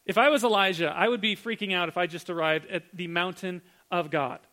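A man with a notably high voice preaches a sermon. He talks in a conversational, animated way and keeps asking his listeners questions. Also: a little fast.

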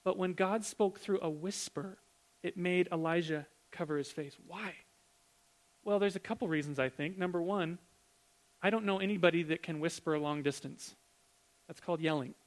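A man with a notably high voice preaches a sermon. He talks in a conversational, animated way and keeps asking his listeners questions. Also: moderate pace.

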